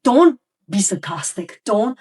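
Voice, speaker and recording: A woman's voice: medium pitch, very animated, slow, darkish tone, breathy edge, distant mic. A woman educator telling classroom stories in a podcast interview, acting out the voices of students and teachers. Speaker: educator guest.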